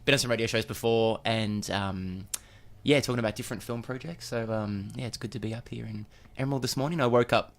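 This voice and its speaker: A man's voice: medium pitch, a little fast, hardly any pauses. A man, a film director losing his voice, speaking hesitantly with many ums as a guest in a radio studio. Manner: hesitant, lots of ums and restarts. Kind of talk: casual radio interview guest. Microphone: studio microphone.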